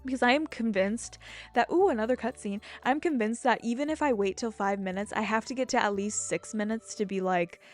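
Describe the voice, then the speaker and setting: A young woman chatting casually over her gameplay, rambling from topic to topic, getting excited and swearing freely. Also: on the high side, a little fast, soft background music. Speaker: gaming YouTuber.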